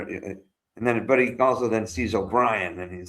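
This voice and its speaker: Low-voiced man recapping an episode. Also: normal speed, a bit bright. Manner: recaps scenes with quoted voices and many fillers. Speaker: podcast co-host. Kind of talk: casual chat.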